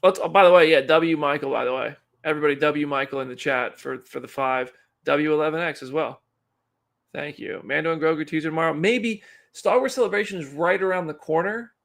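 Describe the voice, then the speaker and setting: A man's voice: on the high side, fairly quick, vocal fry, a bit bright. A man hosting a casual live stream, chatting with viewers and reading news updates aloud.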